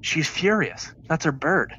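Guy in a vr voice chat telling a long joke, bright voice, keeps restarting himself. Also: on the high side, a little slow, slightly rough, highs cut off. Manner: rambling, with many restarts and filler words. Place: online voice chat in a VR game.

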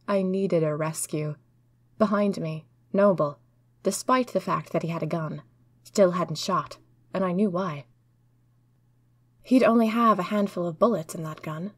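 A woman telling a first-person diary story in an earnest, lively way. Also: fairly low pitch, measured pace, dry recording.

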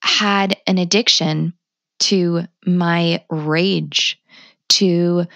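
A woman's voice: on the low side, fairly even intonation, drawn-out words, creaky, fairly bright tone, no echo, dull audio. A middle-aged woman guest on a podcast, talking candidly and passionately about parenting, blunt and swearing freely. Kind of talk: candid conversational interview.

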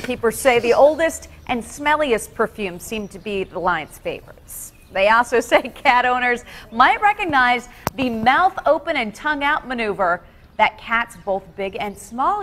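Bright, lively female anchor. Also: on the high side, normal speed, a little hiss or hum. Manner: playful, animated. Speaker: news anchor. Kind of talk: reading a light news story on air.

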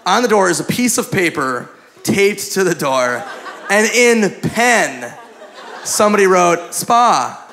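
A man telling a story in a stand-up comedy set, excitable and laughing at his own tale. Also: high voice, a little slow. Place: comedy club stage with live audience. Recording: noisy live club recording with crowd laughter.

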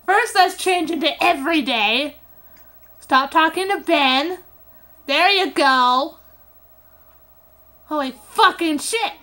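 A woman giving casual, excitable game commentary into a phone recording app, swearing freely and breaking into giggly outbursts. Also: sits high, takes it slowly, pauses often. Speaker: gameplay commentator.

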